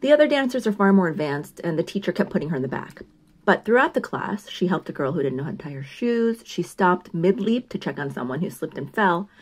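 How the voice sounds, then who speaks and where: A woman in her thirties, a mother telling short family stories in a gentle, earnest voice-over. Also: lowish voice, big pitch swings, a little fast, husky. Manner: gentle, earnest, reflective storytelling. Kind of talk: narrated storytelling voice-over. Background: faint background music.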